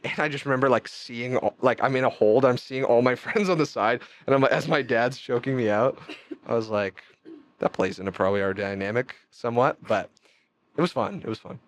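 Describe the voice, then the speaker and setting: A man, a podcast guest telling rambling stories in casual chat with frequent laughs. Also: a little fast. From Canada. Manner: animated, rambling storytelling with frequent laughs and pitch jumps.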